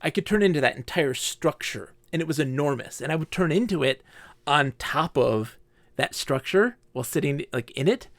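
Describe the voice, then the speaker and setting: A man's voice: a little high, moderate pace, no room sound. Chatty male game streamer, dry mic. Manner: animated storytelling, acts out quoted players. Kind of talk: casual live-stream chat while gaming.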